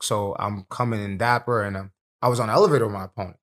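A man's voice: fairly low pitch, very fast. A young man, a professional fighter, telling fight stories in a casual podcast chat, streetwise and profane. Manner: streetwise, profane, animated storytelling.

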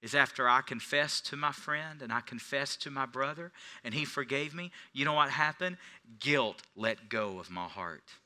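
A middle-aged male pastor preaching a sermon, telling a personal story, swinging from hushed confession to loud preaching. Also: mid-range voice, animated, moderate pace. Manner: confessional storytelling, dropping to near whispers then rising to shouts.

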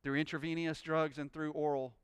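A man preaching a sermon, telling a personal story and rising into loud, joyful praise. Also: a little high, level tone, fairly quick, clean tone, dry recording. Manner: exuberant, shouting praise. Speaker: pastor.

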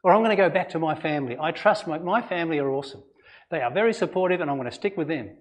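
A man preaches a sermon with a fairly high-pitched voice. He speaks earnestly but conversationally, and keeps asking his listeners rhetorical questions. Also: racing. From Australia. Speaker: pastor.

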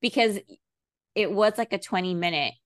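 A woman's voice: medium pitch, normal speed, no room sound, clean studio sound. A woman co-hosting a podcast, chatting casually, supportive and asking probing questions. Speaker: podcast co-host. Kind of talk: casual chat.

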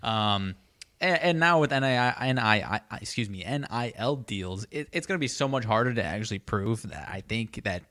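A man with a somewhat low voice chats casually about sports on a podcast. He rambles along, leaning on fillers as he goes. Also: expressive, moderate pace, sharp tone. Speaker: podcast co-host.

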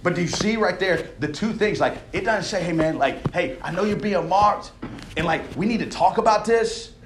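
A man's voice: high-pitched, normal speed. Man, young adult, coach preaching, emphatic and chatty, roomy echo, faint background hum. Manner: emphatic, conversational preaching with frequent "all right?" check-ins. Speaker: coach leading a devotional. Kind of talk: sermon. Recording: echoey room.

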